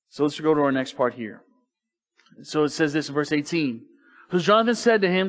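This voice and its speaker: A man preaching in church, somewhat high voice. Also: lively intonation, fairly quick. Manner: conversational preaching with rhetorical questions. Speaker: pastor. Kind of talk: sermon. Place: church sanctuary.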